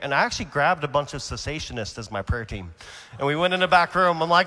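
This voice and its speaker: A young adult man preaching his testimony at a conference, earnest and animated, swinging between loud and hushed delivery. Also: on the high side, a little fast. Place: large conference hall. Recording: long hall reverb.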